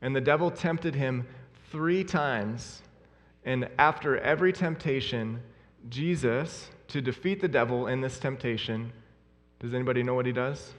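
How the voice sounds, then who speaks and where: Male preacher, mid pitch, earnest and emphatic sermon delivery, long reverb of a church hall. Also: moderate pace. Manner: earnest, emphatic, repeats key phrases.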